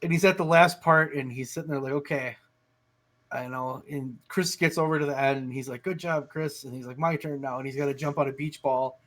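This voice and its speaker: A man co-hosting a casual podcast chat, telling animated stories and swearing freely. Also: fairly high pitch, quick pace, hardly any pauses. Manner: animated storyteller, swears a lot. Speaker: podcast co-host.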